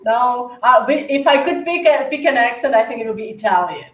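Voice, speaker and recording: A woman's voice: a little high, lively intonation, fairly quick, a bit bright. A woman from Slovakia with a Slovak accent, chatting casually on a cookie decorating livestream, laughing often. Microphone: far from the mic. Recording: roomy echo, distant mic, faint hiss.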